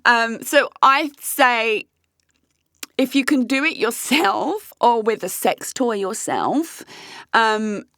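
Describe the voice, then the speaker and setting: A woman's voice: mid-range voice, fairly bright tone, no echo, clean studio sound. A woman, talking frankly and casually to her viewers and swearing freely. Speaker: host. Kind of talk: candid casual chat.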